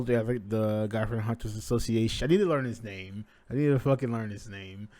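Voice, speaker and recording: A man's voice: fairly low pitch, a little fast, no echo. Dry-voiced man reacting to a manga. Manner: excitable, swears freely, laughs at himself. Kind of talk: live reaction, reading manga aloud with casual commentary.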